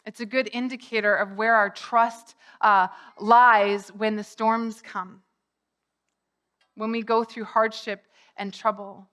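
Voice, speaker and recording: A woman's voice: fairly high pitch, flat delivery, slow pace, a bit bright, clean tone. A middle-aged woman preaching a sermon in a conversational way, lifting her voice for quoted cries. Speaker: pastor.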